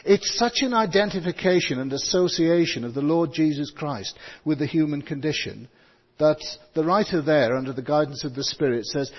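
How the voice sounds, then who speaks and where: Husky preacher in a reverberant hall. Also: male voice, fairly high pitch. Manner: stresses words, slows for emphasis. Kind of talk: sermon with scripture reading. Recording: dull sound with long hall reverb.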